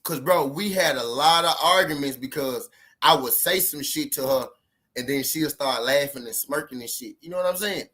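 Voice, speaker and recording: A man's voice: medium pitch, moderate pace, pushed and bright. A man casually telling a relationship story to his viewers, profane and repetitive, leaning hard on his points. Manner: profane, repetitive, emphatic street talk. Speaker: vlogger giving relationship advice.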